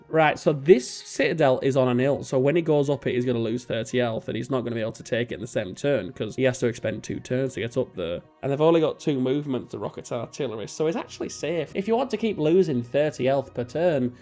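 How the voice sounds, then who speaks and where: A man's voice: brisk, few pauses, darkish tone, faint music behind. Chatty man commentating a game. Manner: chatty, self-mocking, jumps into silly high voices. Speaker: let's play host. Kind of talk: casual gameplay commentary.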